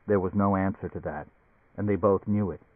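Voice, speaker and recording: A man narrating an audiobook with expressive, varied storytelling. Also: low-pitched, a little fast, dry recording. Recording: tinny narrow-band recording, dry.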